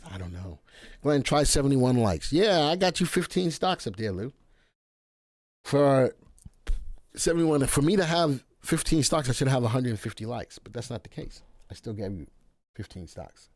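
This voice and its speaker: A man's voice: medium pitch, animated, moderate pace, a little hiss or hum. A man hosting a live stock analysis stream, chatty and playful, talking to his viewers by name. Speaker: live stock market show host.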